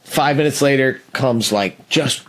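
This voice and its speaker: A man, a podcast guest, telling a comic anecdote in an animated way and acting out the people he quotes. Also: mid-range voice, unhurried. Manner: animated, acts out quoted voices. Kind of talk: comic storytelling.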